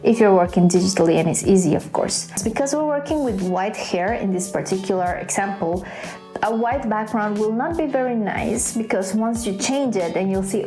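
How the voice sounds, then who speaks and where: A woman's voice: medium pitch, moderate pace, darkish tone, soft background music. A woman hosting a casual drawing tutorial, chatty and playful, with self-mocking asides. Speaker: art tutorial host.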